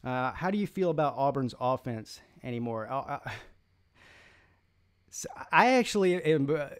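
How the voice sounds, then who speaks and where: An opinionated man hosts a live sports stream, reading viewer comments aloud and answering them. His mid-pitched voice rambles through restarts and filler words as he talks. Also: very animated, moderate pace, clear, resonant tone. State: has the hiccups. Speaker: sports channel host.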